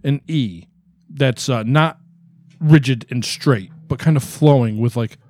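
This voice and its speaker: A man co-hosting a casual podcast, describing things in a playful, deliberate way. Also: medium pitch, a little mellow, dry recording. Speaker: podcast co-host. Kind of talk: casual chat.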